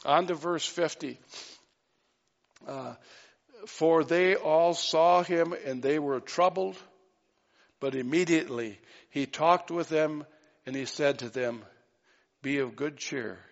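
A man's voice: a little high, slow, gravelly, long pauses, muffled recording. A man preaching a sermon in an earnest way, with light asides and acted-out quotes. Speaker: pastor.

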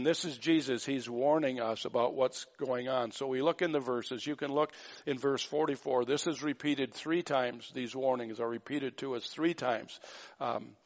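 A man preaching a sermon in a conversational way, slowing down and stressing words when he reads scripture. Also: mid-range voice, lo-fi sound. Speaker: pastor.

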